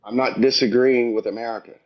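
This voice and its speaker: Slow-talking man on a muffled call. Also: mid-range voice. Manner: slow, measured, calm. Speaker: caller. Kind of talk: casual debate. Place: lives in Central America.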